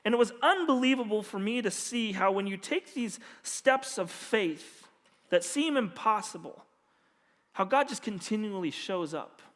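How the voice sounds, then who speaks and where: A man's voice: high-pitched, expressive, unhurried, a bit bright. A male pastor preaching a sermon, telling stories animatedly and acting out the dialogue. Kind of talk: sermon with storytelling. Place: church sanctuary. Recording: long hall reverb with faint music.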